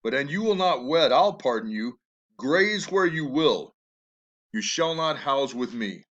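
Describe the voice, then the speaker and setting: A man's voice: fairly high pitch, lively intonation, unhurried, lo-fi sound. A man playing Lord Capulet, raging old father. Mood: contemptuous. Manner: shouting, mocking, threatening. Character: furious domineering old father, nobleman.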